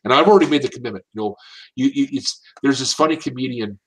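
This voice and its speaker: A man's voice: medium pitch, quick pace, a little hiss or hum, poor audio. Urgent, emphatic American man. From United States. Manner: emphatic, urgent, repeats and restarts phrases. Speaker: political commentator. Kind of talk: impassioned political commentary.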